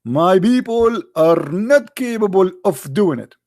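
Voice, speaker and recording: A man putting on the voice of a pleading, whiny man who begs his god for pardon in a raised, drawn-out voice. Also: high voice, expressive, a little mellow, exaggerated voice.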